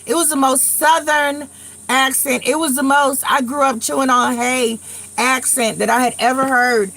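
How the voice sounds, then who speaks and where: Host, woman, middle-aged, from New York: higher, bright, chatty, blunt, swears freely. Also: fairly even intonation, normal speed, vocal fry. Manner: chatty storyteller, blunt and profane, repeats herself. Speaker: tarot reader and live-stream host. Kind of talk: casual live-stream chat.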